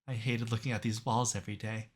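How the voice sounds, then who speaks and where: A man voicing a tired, motherly young woman who pleads softly and apologetically in a visual novel. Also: medium pitch, very animated, quick pace, husky. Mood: weak, tearful. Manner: soft, breaking, apologetic.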